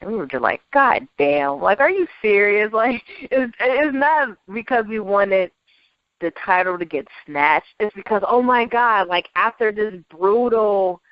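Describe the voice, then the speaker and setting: Excitable woman gushing in casual chat. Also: mid-range voice, a little slow, no room sound. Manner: excitable, gushing, laughs often. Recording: dry lo-fi recording.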